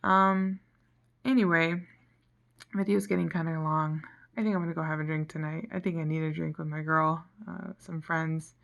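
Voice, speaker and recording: A woman with a lowish, gravelly voice vents in a casual vlog. She talks frankly and rambles, sounding tired and fed up, and now and then her voice sinks almost to a whisper. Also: fairly even intonation, moderate pace, muffled recording. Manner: frank, frustrated, rambling, drops to near-whisper at times. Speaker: vlogger.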